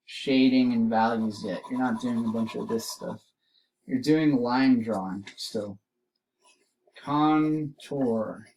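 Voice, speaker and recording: A man teaching an art lesson, explaining drawing steps and repeating key terms slowly as he demonstrates. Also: medium pitch, distant mic, slight background noise, poor audio.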